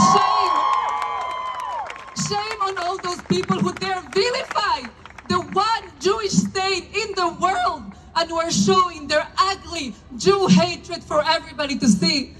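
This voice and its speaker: A woman's voice: extremely high pitch, a bit bright, a little hiss or hum, rough recording. A woman from Argentina, a religious leader, giving a fiery and emphatic protest speech at an outdoor demonstration. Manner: fiery, rhetorical, slow, emphatic. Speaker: religious leader speaking at a rally.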